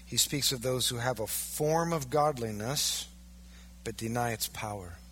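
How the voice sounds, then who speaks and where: A male pastor preaching a sermon, emphatic, swinging from loud, stressed peaks down to low, quiet lines. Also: a little slow, a little hiss or hum.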